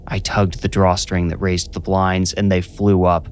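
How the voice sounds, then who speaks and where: A young adult man narrating a scripted first-person horror story in a measured, steady way. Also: low-pitched, a little hiss or hum. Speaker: narrator and writer.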